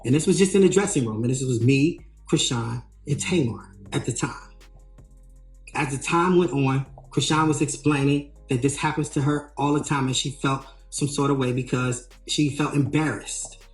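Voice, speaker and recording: A man working as a tour manager tells a story in an animated way, re-enacting what people said with emphatic rises. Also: mid-range voice, moderate pace. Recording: roomy echo, faint music.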